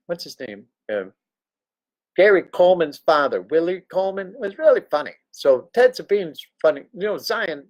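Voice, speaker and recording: Guy rambling thru a funny story on his stream, crude jokes, wanders off topic a lot. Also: high-pitched. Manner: crude, joking, digressive. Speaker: livestream host.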